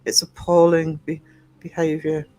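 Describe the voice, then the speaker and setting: A man's voice: a little high, completely flat delivery, a little slow, mellow, no echo. A man hosting a casual livestream, rambling through viewer comments with lots of ums and restarts. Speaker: livestream host and small publisher.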